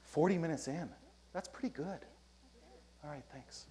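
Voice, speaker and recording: A man's slightly high voice carries a dark tone at a moderate pace as he gives a keynote talk before an audience in a conference hall. He tells a story, acting out his own lines in a raised voice.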